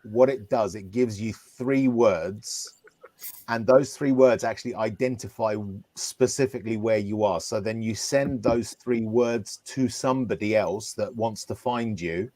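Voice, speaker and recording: A man's voice: lowish voice, measured pace, a little mellow, no echo. A man on a football podcast panel, explaining things at length in casual chat.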